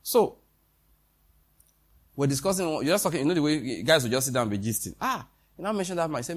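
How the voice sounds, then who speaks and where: A man's voice: fairly high pitch, lively intonation, quick pace, pauses often, husky. A man preaching a sermon in a conversational way, with quoted dialogue and questions to the congregation.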